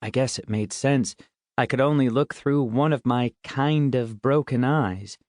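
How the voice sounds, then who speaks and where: A man's voice: medium pitch, unhurried, a little mellow, dry recording, clean studio sound. A man reading a first-person middle-grade audiobook in a wry, conversational way. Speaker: audiobook narrator.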